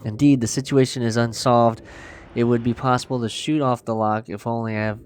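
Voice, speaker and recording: A man voicing a stern older woman trapped in a church in a horror game, speaking loudly and demandingly. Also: mid-range voice, fairly even intonation, fairly quick, clean tone, natural voice.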